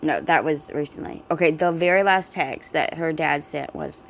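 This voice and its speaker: A woman's voice: low-pitched, moderate pace, vocal fry, hardly any pauses, slight background noise. A woman giving casual, chatty reaction commentary, often exclaiming and laughing. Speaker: reaction vlogger.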